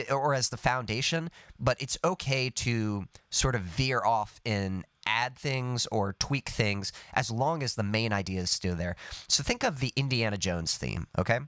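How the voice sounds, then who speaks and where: A man of middle pitch teaches songwriting on a live stream and explains things patiently. He hums and sings little melody snippets as examples. The sound is close and dry, with no room around it. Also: a bit bright, no room sound. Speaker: songwriting coach.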